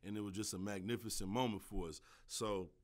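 A man telling a story on his podcast in a loose, slangy, animated way, with constant "you dig" and "you feel me" asides. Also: fairly low pitch, brisk. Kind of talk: casual storytelling monologue.

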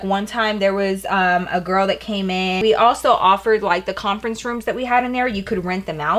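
Animated young woman telling a story. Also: medium pitch. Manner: animated, heavy use of "like", blunt slang. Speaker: beauty vlogger. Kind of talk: casual storytelling while getting ready.

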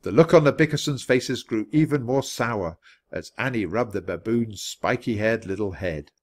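A man reading a children's chapter book aloud with expressive storytelling. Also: lowish voice, moderate pace. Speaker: storybook reader.

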